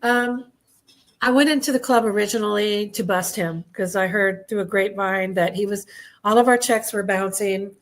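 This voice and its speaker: Candid woman guest, halting testimony. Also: medium pitch. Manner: candid, halting, frequent throat-clearing. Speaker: guest, Army veteran. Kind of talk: personal testimony in conversation.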